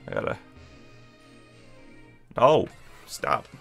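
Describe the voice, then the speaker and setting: A young man streams a game and talks extremely slowly over soft background music, offering casual, self-mocking commentary as he plays. His manner is playful and chatty, typical of a let's-play, and he's picked up by a webcam and desk mic.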